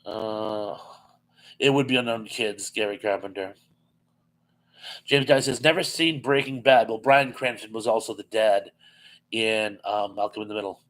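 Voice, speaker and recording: A man's voice: on the low side, fairly even intonation, measured pace, pauses often, a bit bright, low-quality recording. Man, live-stream host, casual chat, reading comments, lots of fillers, laughs easily. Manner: chatty, laughs easily, reads comments aloud with many fillers.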